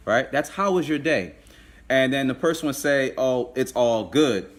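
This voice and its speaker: Guy running a live language class, goes slow, repeats stuff over and over, mid pitch. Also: expressive. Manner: patient, repeats and drills words slowly. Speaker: language teacher.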